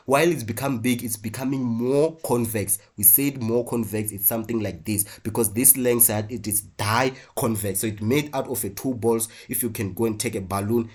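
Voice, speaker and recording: A man's voice: mid-range voice, a little mellow, husky. A man with a South African English accent teaching an online biology class, explaining while he draws and often checking in with "right?".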